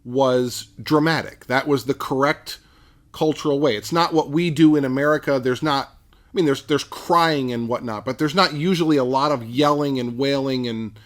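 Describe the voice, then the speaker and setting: A man co-hosting a podcast, explaining background in a measured way during a casual Bible discussion. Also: mid-range voice. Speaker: podcast co-host.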